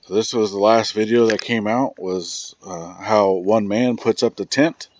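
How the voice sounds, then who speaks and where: A man's voice: lowish voice, fairly even intonation, unhurried, darkish tone, slight background noise. A man giving a casual vlog update outdoors on his homestead, sick and losing his voice, talking in an easygoing drawl with fillers and restarts. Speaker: family homestead vlogger. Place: outdoors on a rural building site.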